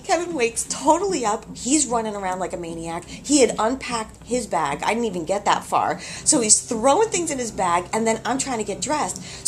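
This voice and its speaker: A woman in labor in a hospital room tells her story in casual, animated, exclamatory speech with frequent laughs, recorded on a handheld camcorder's built-in mic. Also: mid-range voice, a little hiss or hum. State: having contractions.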